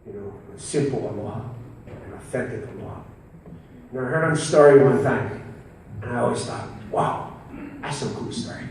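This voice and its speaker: A man's voice: mid-range voice, brisk, long pauses, a little mellow, slight background noise. A man with a Hawaiian Pidgin accent giving a humorous keynote speech at a conference, laughing as he mixes Pidgin with formal English. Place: large conference hall. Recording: echoey hall, mic from far off.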